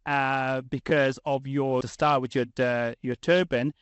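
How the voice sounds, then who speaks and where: A man's voice: medium pitch, steady tone, unhurried, clean tone, no room sound, highs cut off. A man hosting a podcast in casual conversation, talking earnestly with frequent restarts. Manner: earnest, many fillers and restarts. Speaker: podcast host.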